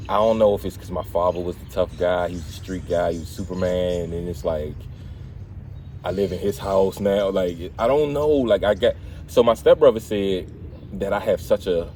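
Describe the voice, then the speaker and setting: A man hosts a relaxed conversation with a slightly low voice. He tells stories in an animated way and pokes fun at himself. Faint background noise sits under the talk. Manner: animated storyteller, laughs at himself. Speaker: host. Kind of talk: casual conversation.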